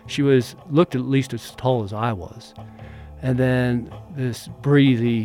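A man's voice: mid-range voice, slow, soft background music. A middle-aged man casually telling a story from his own life, acting out the quoted lines as he goes. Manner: animated, acts out quotes. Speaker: interviewee, former bodyguard.

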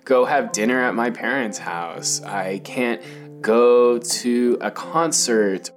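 A man's voice: mid-range voice, slow, soft background music. Earnest man co-hosting a podcast. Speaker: podcast co-host. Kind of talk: conversational podcast talk.

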